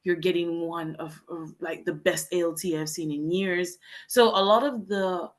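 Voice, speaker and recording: A young Jamaican woman, a guest on a podcast, shares a heartfelt personal story about teaching English in Japan. Her voice is fairly low and steady, and she speaks at a moderate pace. She comes across as earnest, stringing together long, winding sentences in this candid interview.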